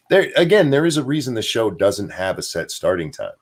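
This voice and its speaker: Guy with a lowish voice hosting his stream, rambly, lots of ums and little laughs while he reads chat. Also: big pitch swings, brisk. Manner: rambling, with frequent fillers and chuckles; answers viewer chat and donations aloud. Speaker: livestream show host. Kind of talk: casual livestream chat.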